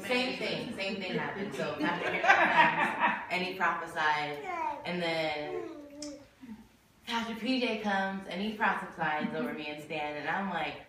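A woman telling a lively personal story to a Bible study group, laughing often and acting out what people said. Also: on the low side, measured pace, a crowd in the background. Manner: animated, laughing often, acts out quoted voices. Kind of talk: casual storytelling. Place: group gathering in a room. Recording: echoey room from far off, noisy.

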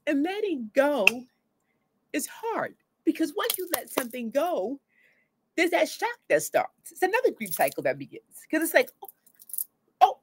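A woman therapist with a fairly high voice talks to camera in a loose, conversational way, dropping casual slang. She acts out people's inner voices, swinging between loud bursts and quiet asides. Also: moderate pace, noisy background. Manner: animated, acts out inner voices with sudden swings in pitch and loudness. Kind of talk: talking to camera about grief and letting go.

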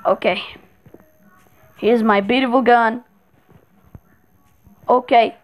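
Excitable high-voiced woman gaming. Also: takes it slowly, low-quality recording. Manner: excitable, repeats words in bursts. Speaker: gameplay streamer. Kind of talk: live horror game commentary.

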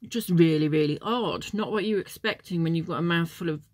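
A woman vlogger with a fairly low, slightly mellow voice speaks a little fast in an echo-free recording. She casually samples and reviews chocolates, drifting off into reminiscences with many ums.

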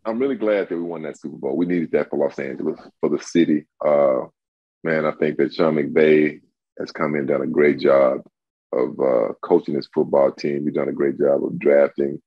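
A man in his sixties talks as an interview guest in a very low, gravelly voice with a husky edge. He stresses his points and repeats them, and his pitch swings widely. The audio is dull and lo-fi. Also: steady tone, normal speed, no echo. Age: 60s. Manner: emphatic, repeats himself. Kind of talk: casual interview talk.

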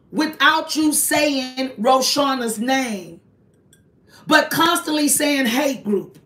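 A woman with a high voice runs a confrontational live stream, pressing one target with repeated accusing rhetorical questions in a preachy tone. She sits back from the mic, and the room around her sounds echoey. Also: bright, forceful tone. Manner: preachy, invokes God. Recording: roomy echo, voice distant from the mic.

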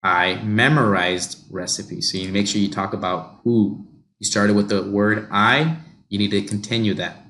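A man coaching pronunciation on a livestream, slowly modelling and repeating words for learners. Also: lowish voice, fairly even intonation, fairly bright tone. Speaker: pronunciation teacher.

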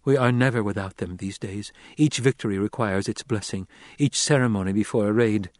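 A man voicing a proud, sharp-tongued noble mother. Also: on the low side, brisk, no echo, clean studio sound, lightly acted. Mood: weary. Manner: bitter, sharp.

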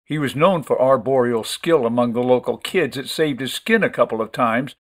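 A man narrating a short story in a measured, expressive storytelling manner. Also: mid-range voice. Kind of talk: audiobook story reading.

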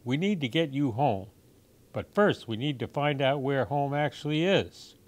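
A man's voice: mid-range voice, expressive, normal speed, lightly acted. Man doing a kindly homebody duck. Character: homebody duck who dislikes water.

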